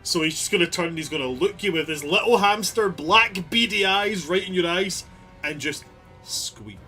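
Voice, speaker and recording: Bright, animated male game master. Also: high voice, normal speed, soft background music. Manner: animated, laughing storyteller. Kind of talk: narrating a tabletop game.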